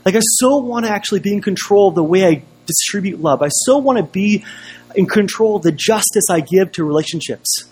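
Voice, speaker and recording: Husky conversational male pastor. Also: high voice, expressive, fairly quick, darkish tone. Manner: conversational, storytelling with rhetorical questions. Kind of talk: sermon.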